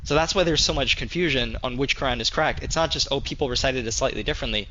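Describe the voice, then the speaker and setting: Bright-voiced man in casual debate. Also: medium pitch, quick pace, slight background noise, low-quality recording. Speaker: gaming group member. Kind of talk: casual chat.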